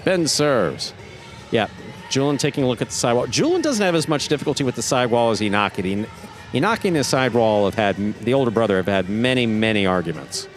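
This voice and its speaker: A man calling live play-by-play, his voice leaping up on exciting plays and settling back to explain them. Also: medium pitch, fast talker, faint music behind. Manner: animated, voice jumps up on exciting plays. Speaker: play-by-play commentator. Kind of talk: live sports commentary.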